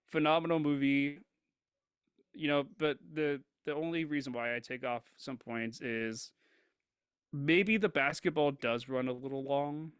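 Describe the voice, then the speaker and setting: A man's voice: on the high side, measured pace, clean tone, dry recording, clean studio sound. A man co-hosting a movie review podcast, giving his earnest opinion with frequent hesitations. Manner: earnest, hesitant, lots of ums and likes. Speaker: podcast co-host. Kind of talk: casual movie review chat.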